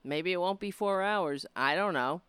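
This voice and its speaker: A woman hosting her own show, rambling and rallying her supporters with a hoarse, cracking voice. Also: on the low side, moderate pace, a bit bright, no room sound. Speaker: livestream show host. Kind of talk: casual livestream chat.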